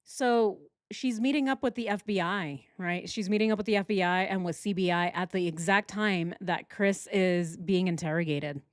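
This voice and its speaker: A woman's voice: on the low side, normal speed, few pauses, no echo, clean studio sound. A woman doing true crime reaction commentary, indignant and conversational, and often asking her viewers questions. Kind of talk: reaction commentary over video.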